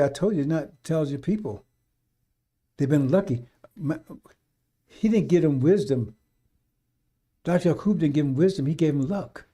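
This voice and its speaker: High-pitched, dark-toned man ranting on radio. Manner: folksy, rambling, scolding, with mocking put-on quotes. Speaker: radio preacher. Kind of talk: unscripted radio talk.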